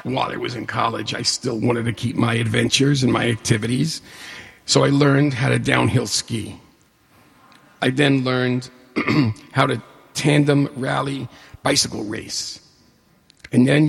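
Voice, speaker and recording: A man in his forties or older telling a personal story, a lively storyteller who acts out the dialogue with humor. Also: medium pitch, a little slow, gravelly, slightly rough. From New York State. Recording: hall reverb.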